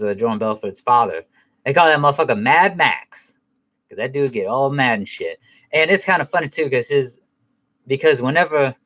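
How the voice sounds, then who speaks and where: A man's voice: mid-range voice, a bit bright. A middle-aged man giving a casual spoken film review, rambling, profane, and often correcting himself.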